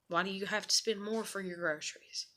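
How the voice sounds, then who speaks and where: A woman's voice: medium pitch, steady tone, a little fast, pushed and bright. A young woman venting about her marriage and struggles in an emotional personal rant, swearing and close to tears. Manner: venting, swearing, shaky and tearful at times. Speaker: vlogger.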